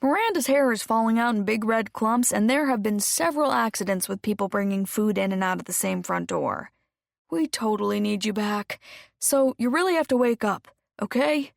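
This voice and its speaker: A woman voicing an excitable, anxious young man who gushes at his best friend, in an audiobook. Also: normal speed, creaky, dry recording, studio quality, close to an everyday voice. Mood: pleading. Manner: high-pitched and gushing.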